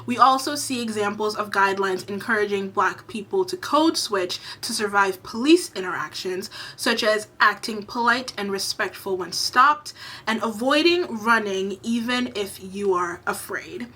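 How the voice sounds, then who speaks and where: A woman's voice: mid-range voice, moderate pace, bright, forceful tone. A young woman giving a heated, exasperated commentary vlog rant, swearing freely. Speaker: YouTube commentator.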